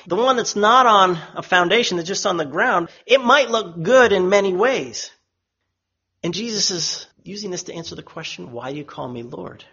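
A male preacher delivering a sermon with a husky, slightly raised voice. He swings between emphatic, pitched-up quotations and low, hushed warnings. The recording is dull and lo-fi. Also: moderate pace. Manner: emphatic, rises for quoted voices and drops low and quiet for solemn lines.

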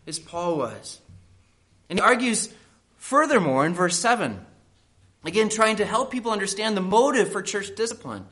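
A man's voice: sits high, big pitch swings, moderate pace, pushed and bright. A man, a pastor, delivering a sermon in an earnest, emphatic preaching manner, often pressing his point with rhetorical questions.

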